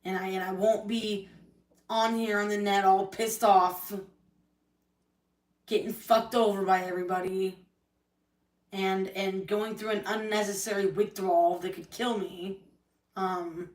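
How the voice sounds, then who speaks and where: A woman's voice: medium pitch, far from the mic. Woman, livestream rant: hurt, angry, swearing, in an echoey room away from the mic.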